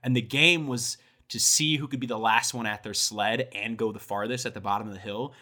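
A man's voice: fairly low pitch, fairly even intonation, fairly quick, sharp tone. A young man, co-hosting a podcast, who tells stories casually and animatedly, swearing and acting out voices. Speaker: podcast co-host. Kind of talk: casual chat.

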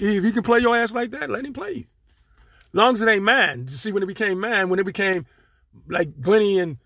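A high-pitched, fairly bright male voice with no echo belongs to a Pittsburgh podcast host. Alone in his car, he rambles profanely in a streetwise way, dropping in lots of fillers.

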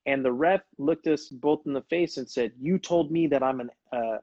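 A man's voice: medium pitch, moderate pace, darkish tone, dull audio. A man in his thirties hosting a casual livestream, telling stories in a laid-back way. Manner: laid-back storytelling, calls people brother. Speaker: livestream host, former pro soccer player.

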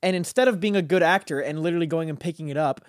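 A man's voice: a little high, racing, no room sound, studio quality. A young man telling a rambling story in casual chat, laughing often and restarting his sentences. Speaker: guest.

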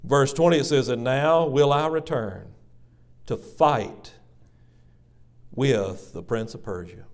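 A man's voice: medium pitch, slow, pauses often. A man preaching a sermon in church, dramatic and repetitive, calling the congregation folks. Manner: dramatic swings between loud emphasis and hushed asides. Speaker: pastor.

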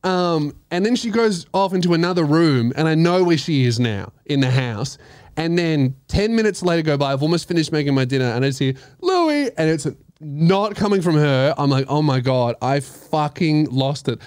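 A man's voice: on the high side, normal speed, darkish tone, clear, resonant tone, no echo, clean studio sound. A young Australian man hosting a podcast, telling a story in casual chat, swearing and acting out his own reactions. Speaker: podcast host.

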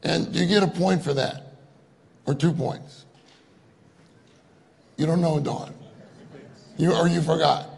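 A man's voice: on the high side, slow pace, vocal fry, long pauses, a little mellow. A man giving a conversational sermon, joking and laughing with the audience as he asks them questions. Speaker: conference speaker.

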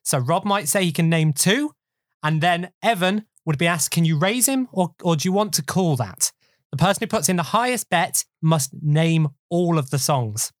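High-voiced quiz host. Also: male voice, lively intonation, no room sound, clean studio sound. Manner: upbeat, teasing, explains rules briskly. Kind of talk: podcast quiz chat.

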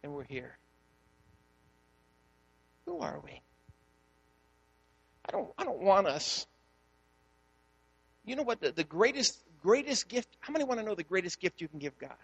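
A man's voice: high voice, measured pace, gravelly, pauses often, breathy edge, big-room sound. A man, a pastor, preaching a sermon and telling a story, acting out the dialogue. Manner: storytelling, animated, acts out dialogue.

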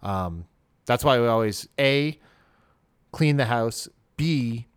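A man's voice: mid-range voice, lively intonation, slow pace, clean tone, no room sound, studio quality. A young man co-hosting a podcast, chatting casually and laughing at himself. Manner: self-deprecating, laughs at himself. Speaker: podcast co-host.

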